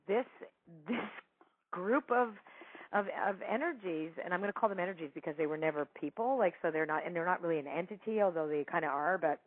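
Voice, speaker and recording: A woman's voice: lowish voice, a little fast. A woman telling a personal spiritual story in a casual, chatty way, laughing often and acting out what people said. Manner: chatty, laughing, animated quoting. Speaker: psychic medium guest telling a story. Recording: dry tinny phone-like line.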